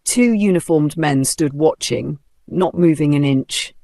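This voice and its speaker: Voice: medium pitch, measured pace, creaky, warm tone, no room sound, studio quality. A narrator telling a dramatic folktale in a vivid storybook style.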